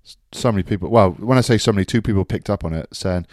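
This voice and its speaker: Easygoing male co-host, low-pitched, deadpan replies, dry close mic. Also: no room sound. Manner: laid-back, dry, unhurried recounting. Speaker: co-host, rugby commentator. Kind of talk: casual podcast banter.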